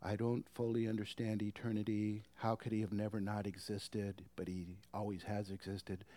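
A man's voice: lowish voice, level tone, normal speed. Preaching man dropping into whispers. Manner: dramatic swings from loud emphasis to hushed whispers; addresses the congregation directly with rhetorical questions. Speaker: pastor. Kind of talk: sermon.

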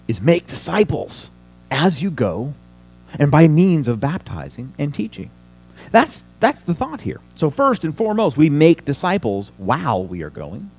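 A man's voice: medium pitch, darkish tone. A man preaching a sermon, teaching a passage step by step and asking the congregation rhetorical questions. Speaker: pastor.

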